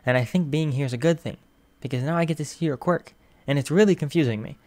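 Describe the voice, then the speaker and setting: Brief: a man playing a cheerful, booming male hero teacher, kind and eager, for a fan fiction audiobook. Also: quick pace, dry recording, natural voice. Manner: eager, reassuring, bursts of loud excitement. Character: upbeat loud male teacher hero, gentle and encouraging.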